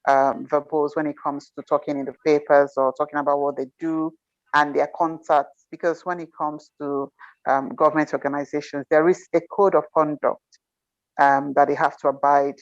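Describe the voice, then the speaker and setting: A woman's voice: low-pitched, little pitch movement, moderate pace, dry recording. A woman working as a consultant, speaking on a video call in a hesitant way with many fillers. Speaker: consultant asking a mentor. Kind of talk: group video call chat. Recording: dull, dry video call audio.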